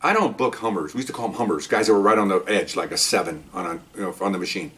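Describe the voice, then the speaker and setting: A retired police officer hosts a podcast, talking fast in a low-pitched voice through a storytelling monologue. He's animated and sarcastic, tossing in asides and mimicking the people he quotes.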